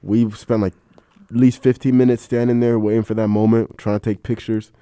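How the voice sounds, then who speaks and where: A man's voice: on the low side, flat delivery, fairly quick, warm tone, clean tone, no echo, clean studio sound. A young man co-hosting a podcast in casual chat, laughing often and calling his friend bro. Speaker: podcast co-host.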